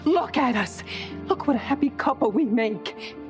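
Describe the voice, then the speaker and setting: A woman's voice: sits high, lively intonation, a little slow, a little mellow, faint music behind. An actress playing a furious wife who confronts her husband's former lover, speaking in emphatic, accusing lines in a daytime soap opera. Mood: angry.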